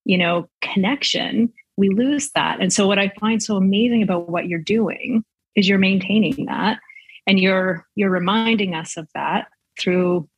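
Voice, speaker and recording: A woman's voice: mid-range voice, unhurried, husky, no room sound, dull audio. A woman host from Saskatchewan, Canada, speaking earnestly to a guest and often restarting her sentences. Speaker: podcast host. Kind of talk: conversational interview.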